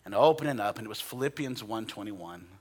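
A man preaching a sermon, telling a personal story dramatically, sometimes dropping to a hush and sometimes rising to excited bursts. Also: fairly low pitch, a little fast. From United States. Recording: long hall reverb.

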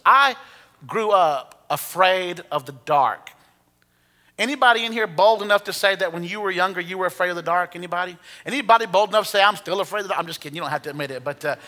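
Pastor, storytelling sermon, bright voice, reverberant hall. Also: male voice, high voice. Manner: storytelling with humor, conversational.

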